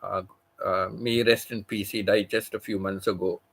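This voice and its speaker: A man's voice: lowish voice, little pitch movement, normal speed, creaky, a bit bright, slightly rough. Host, older man, chatty livestream storyteller, loose and rambling, lots of fillers. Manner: rambling, many fillers like "you know". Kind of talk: casual storytelling chat.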